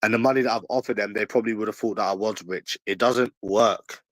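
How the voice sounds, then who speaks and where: A man's voice: lowish voice, fast talker, a bit bright, dry recording, poor audio. Defensive young London man, dry sound. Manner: defensive, argumentative, slangy, repeats himself. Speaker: livestream host. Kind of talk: casual livestream chat.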